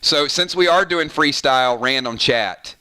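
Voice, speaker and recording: Bright-voiced Southern man chatting on stream. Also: mid-range voice, unhurried, smooth. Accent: Southern American. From American South. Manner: chatty, playful, argues opinions with viewers. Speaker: gaming channel host. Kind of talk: casual live-stream chat.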